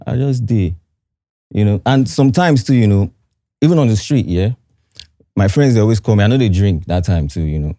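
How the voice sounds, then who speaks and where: A young man with a Nigerian accent, a singer guest telling stories softly and hesitantly, slipping into Pidgin. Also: fairly low pitch, animated, a little fast, no room sound, clean studio sound. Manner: soft-spoken, hesitant, mixes Pidgin. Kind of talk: casual storytelling interview.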